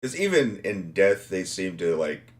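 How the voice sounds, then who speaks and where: Low-voiced man running a tabletop game. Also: very animated, a little slow. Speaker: game master.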